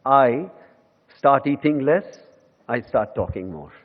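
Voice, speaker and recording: A man's voice: mid-range voice, expressive, takes it slowly, slight background noise. A man in his fifties with an Indian English accent, giving a humorous lecture full of self-mocking stories and bits of Hindi. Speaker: guest lecturer. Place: lecture hall. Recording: echoey hall, tinny phone-like sound.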